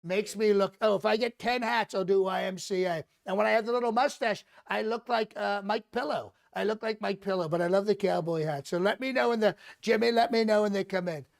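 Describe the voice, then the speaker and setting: Speaking fairly quickly with few pauses, a man uses a high-pitched, creaky voice to mimic a bragging, rambling older male president who repeats himself. It's a comedy bit staged as a live mock press conference.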